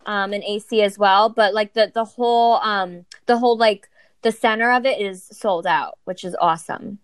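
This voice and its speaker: A woman's voice: mid-range voice, fairly even intonation, normal speed, dry recording. A young woman co-hosting a podcast, brash and swearing as she plugs live shows. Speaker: podcast co-host. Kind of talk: casual chat.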